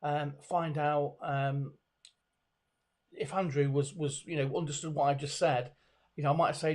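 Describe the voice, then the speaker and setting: A middle-aged man with a somewhat high voice talks as an expert guest over a webcam call. He hesitates often, restarting phrases and filling gaps with ums and you-knows. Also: fairly even intonation, unhurried, a little mellow. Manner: hesitant, many fillers and restarts. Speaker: body language expert guest. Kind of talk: conversational video call interview. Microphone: video call webcam.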